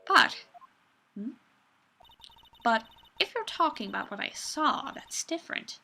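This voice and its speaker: A woman's voice: high-pitched, very animated, a little slow, creaky, sharp tone, faint music behind, voice pushed up, full character voice. A woman voicing a haughty, nosy old female guard in a game, talking in a pompous, scolding way.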